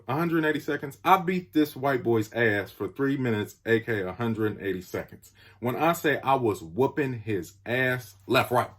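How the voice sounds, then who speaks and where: Animated young man telling a story. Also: mid-range voice. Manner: animated, acts out quotes with sound effects. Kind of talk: casual storytelling.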